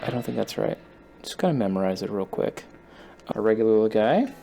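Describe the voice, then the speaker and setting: A man's voice: on the low side, animated, fairly quick, creaky. Rambling guitarist man with music behind. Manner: rambling, self-deprecating, thinks aloud while playing. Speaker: guitarist learning a song on camera. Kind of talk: casual self-taught guitar lesson. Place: home studio with a loud computer. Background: his own guitar playing.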